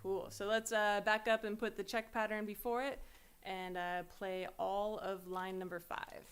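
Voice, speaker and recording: A woman's voice: mid-range voice, measured pace. Woman teaching pandeiro with drum playing. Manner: counts aloud and vocalizes drum syllables; relaxed, encouraging. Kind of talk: instructional music lesson. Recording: loud hand-drum music in background.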